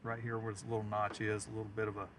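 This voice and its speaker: A man's voice: fairly low pitch, monotone, racing, fairly bright tone, slight background noise. A man chatting casually on a storm-chasing livestream from inside his car, rambling through stories and chuckling often. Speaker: storm chaser streaming live. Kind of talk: casual live-stream chat.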